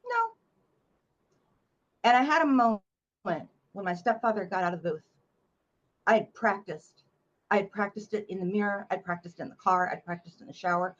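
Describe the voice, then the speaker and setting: Woman guest from North Carolina, blunt and animated, swears freely, mid-pitched voice, slightly lo-fi audio. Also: moderate pace, pauses often. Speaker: memoir author, podcast guest. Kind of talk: casual interview storytelling.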